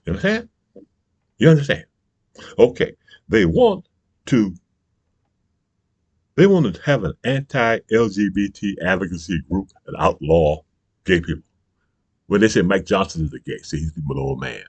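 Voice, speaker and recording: A man's voice: fairly low pitch, lively intonation, unhurried, long pauses, dry recording. A man delivering an angry, profane political rant, emphatic and repetitive, constantly asking if the listener understands. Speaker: political commentator.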